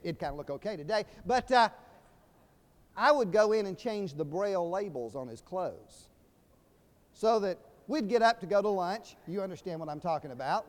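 High-voiced Southern preacher in a reverberant hall. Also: male voice. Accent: Southern US (Georgia). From Georgia, USA. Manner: folksy storytelling with humor, building to emphatic preaching. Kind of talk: sermon. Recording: long reverb of a large hall.

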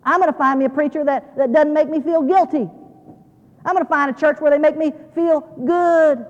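A whiny, self-centered churchgoer, as a preacher mocks him in a sermon, speaks in a voice pitched a bit above the preacher's own. The tone is petulant and self-absorbed. The sound carries the long reverb of a large hall. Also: normal speed, muffled recording, close to an everyday voice.

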